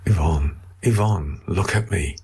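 An ardent young lover, low and insistent, as a male reader plays him. The voice drops deep and gravelly, with a husky grain. It sounds like a storybook reading. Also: unhurried, a little mellow, exaggerated voice. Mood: urgent.

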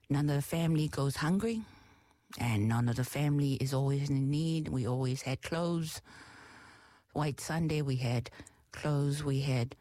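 A middle-aged woman with a Samoan accent, slowly and fondly recalling her family upbringing. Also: low-pitched, dark tone, no echo. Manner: slow, reflective, affectionate. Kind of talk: personal storytelling.

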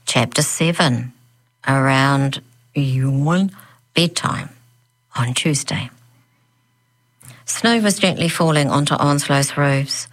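A woman reading a children's story aloud, gently voicing its characters. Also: deep voice, animated, takes it slowly, long pauses. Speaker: narrator. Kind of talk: audiobook narration.

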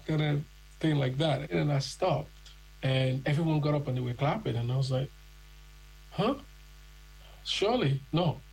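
Guy from nigeria telling a story, a bit higher voice, gravelly and husky. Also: low-quality recording. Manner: animated, acts out other people's voices. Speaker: guest telling his story. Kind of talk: storytelling interview.

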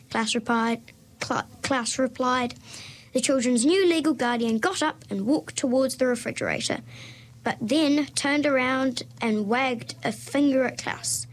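A woman reads a passage from a children's novel aloud as a guest reader. She reads in a relaxed way, now and then restarting or correcting herself. Her voice sits fairly high. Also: unhurried.

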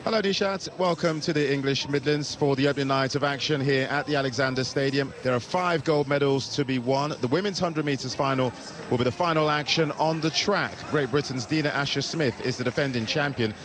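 A man's voice: mid-range voice, brisk, fairly bright tone. A man reporting live from outside an athletics stadium, setting the scene in an upbeat tone. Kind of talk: live outdoor news report. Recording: outdoor noise behind the voice.

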